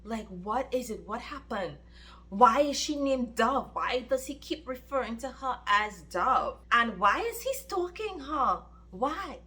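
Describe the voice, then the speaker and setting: Slow-talking bright woman book vlogger. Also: on the high side. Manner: animated, exclaims questions, recaps the plot with quoted lines. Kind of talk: casual reading vlog commentary.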